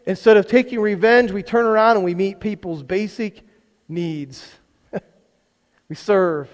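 High-voiced man preaching in a reverberant church. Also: unhurried. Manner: conversational preaching with rhetorical questions and repeated words. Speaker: pastor. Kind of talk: sermon. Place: church sanctuary. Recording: long hall reverb.

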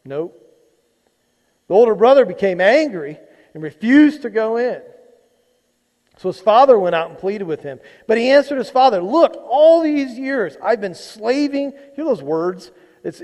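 A man preaches in a loose, conversational way, poking fun at his listeners as he retells a scripture passage. His voice sits high for a man. The sound carries the long echo of a church sanctuary. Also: darkish tone. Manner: conversational preaching, teasing the congregation. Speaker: pastor. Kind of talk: sermon.

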